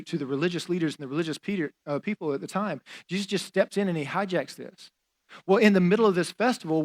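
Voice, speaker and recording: A man preaching a sermon as a pastor, in a conversational style with fillers and casual asides. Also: fairly high pitch.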